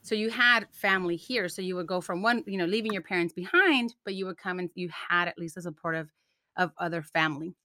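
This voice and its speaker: A woman's voice: lowish voice, fairly quick, pushed and bright. A young adult woman from a Mexican-American family, co-hosting a parenting podcast and telling stories in casual chat, slipping in Spanish phrases. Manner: chatty storytelling, mixing in Spanish phrases. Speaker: podcast co-host.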